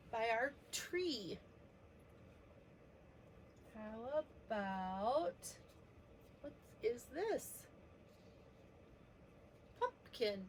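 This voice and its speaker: Slow, gentle preschool teacher woman. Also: high voice, a little hiss or hum. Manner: slow, gentle, sounding out letters. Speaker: children's teacher. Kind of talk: preschool letter lesson.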